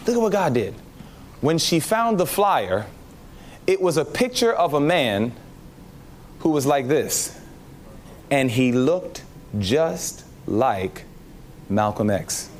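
High, lively-voiced man preaching a testimony. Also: takes it slowly, pauses often, a little hiss or hum. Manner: animated storytelling, acting out his past reactions. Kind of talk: testimony sermon.

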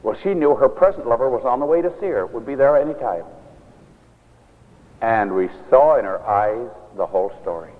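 A man's voice: mid-range voice, expressive. Man preaching in a tinny, echoey hall. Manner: earnest, measured storytelling with scripture quotes. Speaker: minister. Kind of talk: sermon storytelling.

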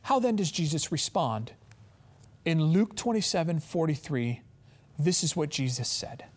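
A man preaching as pastor, reading scripture aloud and stressing phrases with slow, drawn-out emphasis. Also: a little high, expressive. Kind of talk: sermon.

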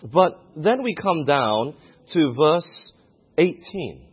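A man's voice: on the high side, lively intonation, slow pace, breathy edge. A man preaching a sermon who keeps putting questions to the congregation. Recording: muffled lo-fi recording.

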